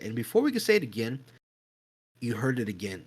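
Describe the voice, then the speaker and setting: Animated man telling a spooky story. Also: medium pitch, quick pace, breathy edge, low-quality recording. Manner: animated, swears a lot, acts out voices and sounds. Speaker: podcast co-host. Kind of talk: casual storytelling.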